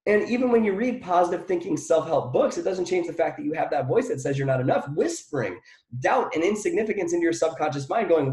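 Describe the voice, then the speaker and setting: Energetic man giving a motivational talk. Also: on the high side, quick pace, reverberant. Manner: energetic, repeats phrases, asks the crowd questions. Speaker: motivational speaker. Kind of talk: live motivational talk to an audience. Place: room with an audience.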